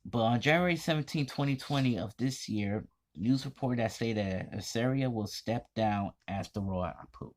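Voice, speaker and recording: Indignant in tone, this vlogger reads his text haltingly and keeps tripping over the words. His voice sits in the middle range.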